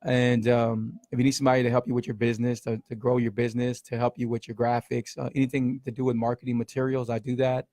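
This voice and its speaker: A mid-range, slightly mellow male voice moves quickly with little pitch variation and almost no pauses. The middle-aged speaker is a keto coach hosting a casual livestream, emphatic and repetitive, sprinkling in "man" and "y'all." The studio recording has no echo.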